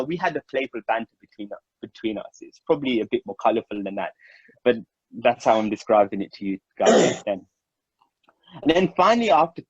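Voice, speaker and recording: A man from Mauritius telling stories in a relaxed, informal way, laughing now and then and calling people "bro". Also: mid-range voice, husky, no echo. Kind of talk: casual storytelling. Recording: dull lo-fi dry sound.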